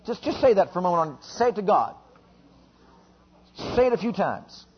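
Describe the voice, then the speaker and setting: A man's voice: sits high, sing-song, moderate pace, husky, muffled recording. A man preaching a sermon, emphatic and repetitive, leading the congregation in call-and-response.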